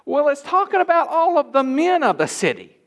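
A man preaching a sermon in a church, emphatic and at times rising to shouts. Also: very high-pitched, very animated, fairly quick. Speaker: pastor.

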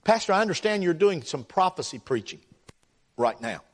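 A man's voice: high-pitched, big pitch swings, normal speed. A middle-aged man, a guest preacher who prays and tells folksy stories in a sermon. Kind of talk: sermon with prayer and storytelling.

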